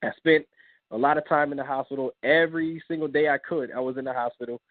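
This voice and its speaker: At medium pitch and a quick pace, this thirtysomething man, a comic creator, animatedly tells stories about his life as a guest on a call-in radio show, quoting dialogue along the way. It comes through a tinny phone line with no room sound.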